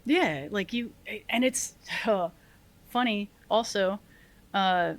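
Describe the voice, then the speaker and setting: A middle-aged woman who is a retired Army sergeant tells stories as a podcast guest, lively and self-deprecating, laughing often and acting out what people said. Her pitch is medium and her pace slow in this casual interview.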